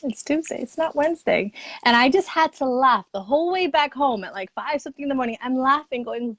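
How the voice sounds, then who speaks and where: A woman guest on a live chat, telling a story with animated acted-out quotes and easy laughter. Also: high voice, a little fast, no echo. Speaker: guest expert. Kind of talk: casual livestream chat.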